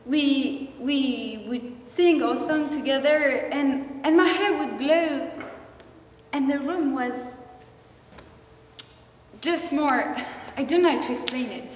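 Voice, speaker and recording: Rapunzel, a woman playing her, earnest and slow. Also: high-pitched. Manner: earnest, defensive, measured. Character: sheltered young princess, wary and earnest. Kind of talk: amateur school stage play. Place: school theater stage. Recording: echoey hall, far from mic, faint noise.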